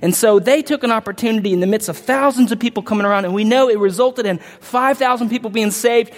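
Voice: mid-range voice, fast. Impassioned preacher in a reverberant hall. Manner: emphatic, impassioned delivery; stumbles and restarts when reading aloud. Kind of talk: sermon with scripture reading. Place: large hall with a congregation.

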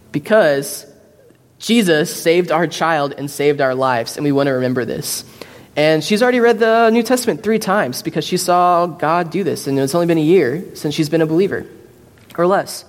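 A man's voice: on the high side, long reverb tail. A man preaching a sermon, telling stories in a casual, loose way with fillers and restarts. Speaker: pastor.

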